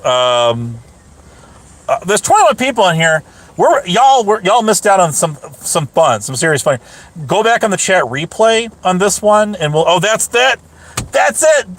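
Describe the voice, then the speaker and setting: A man's voice: on the high side, pushed and bright. A man hosting a livestream, rambling sarcastically to his chat and laughing often. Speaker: livestream host. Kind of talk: casual rambling livestream talk.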